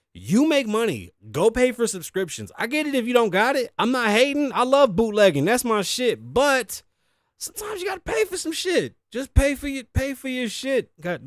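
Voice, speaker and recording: A man's voice: high-pitched, dry recording, studio quality. A man hosting a comedy talk show, rambling and swearing freely as he riffs on movies, shopping and news. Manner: profane, rambling, jokey. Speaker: host. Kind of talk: casual comedic commentary show.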